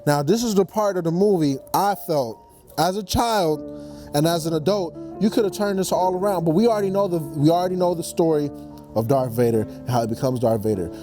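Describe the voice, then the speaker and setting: A young man telling a movie story as a comedic rant, slangy and animated, slipping into quick character voices. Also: fairly high pitch, music in the background. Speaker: comedy vlogger.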